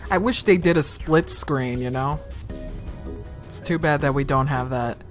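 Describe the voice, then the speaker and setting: A woman's voice: low voice, measured pace, faint music behind. A young woman streaming a game live, reading its lines aloud and chatting casually with some swearing. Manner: casual and profane, thinking aloud.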